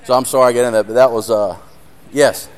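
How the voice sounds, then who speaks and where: Speaking quickly and steadily at a medium pitch, a male ministry speaker preaches an earnest sermon. He demonstrates something live, talks right to his listeners, and grows emotional.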